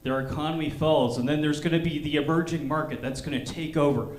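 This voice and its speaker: A man's voice: a little high, fairly even intonation, fast, slight background noise. A man doing stand-up at a comedy club, with dry observational jokes. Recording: roomy club sound, live stage mic.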